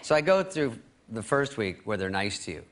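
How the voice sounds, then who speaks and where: A man in his fifties, a talk show guest telling a comic story in a deadpan way and acting out the other people in it. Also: on the low side, normal speed. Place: studio with audience.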